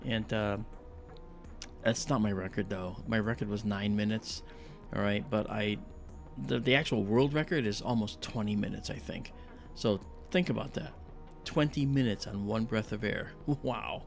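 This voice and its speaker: A man's voice: lowish voice, moderate pace, vocal fry, faint music behind. A man hosting a live astronomy stream, chatting in a rambling, friendly way with many fillers and greeting viewers by name. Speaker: livestream astronomy host. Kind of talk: casual livestream chat.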